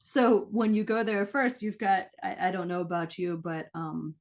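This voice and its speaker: Lower-voiced woman explaining patiently. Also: level tone, moderate pace. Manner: explanatory, often checks in with "right?". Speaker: guest, pronunciation coach. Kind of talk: casual interview conversation.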